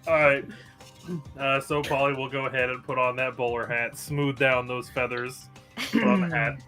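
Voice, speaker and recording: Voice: medium pitch, normal speed, sharp tone, soft background music. A tabletop game player in casual chat who answers in short, dry, wry remarks.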